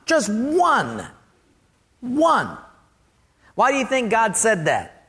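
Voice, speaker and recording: A male pastor preaching a sermon in an animated, emphatic way, asking the congregation questions. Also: very high-pitched, very slow.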